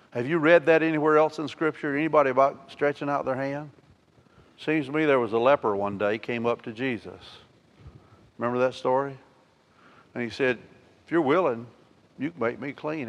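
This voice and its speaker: A man preaching a sermon as pastor, acting out scripture with lively emotion and addressing the congregation. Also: medium pitch. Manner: animated, acts out scripture with rising emotion. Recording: long church reverb.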